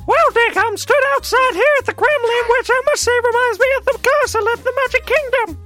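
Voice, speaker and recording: A man voicing a cheerful cartoon mouse who reports the news in a high falsetto, reading it like a newsreader. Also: brisk, sharp tone, soft background music. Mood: chirpy reporting. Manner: newsreader delivery, breaking into giggles. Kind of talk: comedy sketch on radio.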